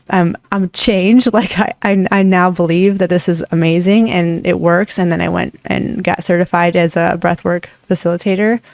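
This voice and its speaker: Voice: mid-range voice, gravelly, darkish tone, no echo. A breathwork facilitator in their thirties telling a personal story casually, rambling with many "like" fillers.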